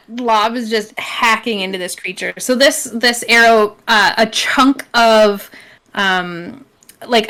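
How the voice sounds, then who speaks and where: A woman's voice: mid-range voice, fairly bright tone. A woman narrating as game master, casual and chatty. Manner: casual, chatty, quick to laugh.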